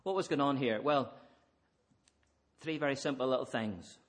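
A man's voice: mid-range voice, moderate pace. A man preaching an evening sermon, earnest and emphatic, pressing his listeners with repeated rhetorical questions.

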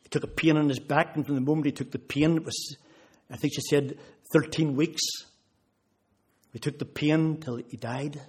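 A man's voice: fairly high pitch, steady tone, moderate pace, a little mellow, husky. A man giving a sermon testimony, retelling conversations with rising intensity. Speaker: preacher.

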